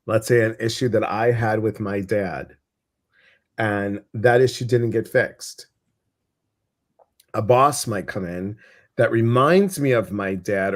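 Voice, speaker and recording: Chatty Chicago man co-hosting a stream. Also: fairly low pitch. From Chicago, US Midwest. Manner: chatty, animated, repeats phrases for emphasis. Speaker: co-host reading viewer comments. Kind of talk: casual livestream chat.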